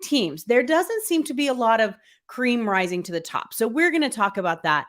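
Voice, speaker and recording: A woman's voice: fairly high pitch, very animated, normal speed. A woman co-hosting a casual live football podcast, upbeat and chatty, with plenty of fillers. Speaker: podcast co-host. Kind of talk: casual live-stream chat.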